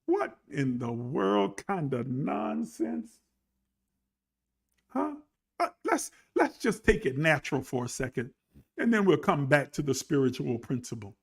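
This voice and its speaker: A man's voice: fairly high pitch, big pitch swings, a little slow, vocal fry, husky. A male preacher delivering an emphatic sermon, calling out to his listeners with rhetorical questions.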